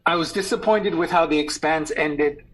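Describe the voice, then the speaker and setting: A man's voice: a little high, normal speed, noisy background. A man chatting casually over a call, thoughtful and analytical, often restarting his sentences. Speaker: guest on a call. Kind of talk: casual chat.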